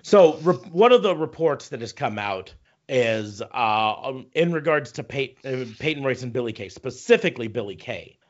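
A man's voice: medium pitch, animated, muffled recording. Profane ranting man on a podcast. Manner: profane, ranting, halting restarts. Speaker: podcast co-host. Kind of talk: casual wrestling chat.

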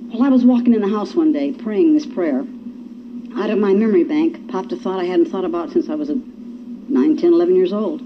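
Speaking at a recovery meeting, a woman with a voice on the low side gives her testimony briskly, folksy in tone, acting out the quotes as she goes. Slight background noise runs under this dull, lo-fi recording.

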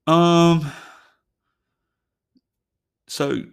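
This young man's podcast is casual solo storytelling recorded from a parked car, rambling and full of fillers and restarts. He speaks with fairly high pitch and fairly even intonation, drawing out words with vocal fry in a clean tone.

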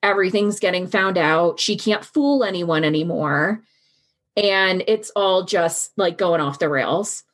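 A woman's voice: on the low side, a little slow. A woman hosting a true crime podcast, telling the story in a casual, outspoken way and speaking her mind bluntly. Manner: casual, outspoken, swears, recounts events with quoted voices. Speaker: podcast host.

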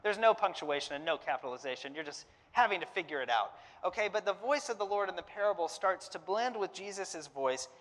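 A man's voice: sits high, lively intonation, fairly quick, hardly any pauses, a bit bright. Man teaching a Bible lesson in a hall. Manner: thinking aloud, hedging, frequent fillers and restarts. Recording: long hall reverb.

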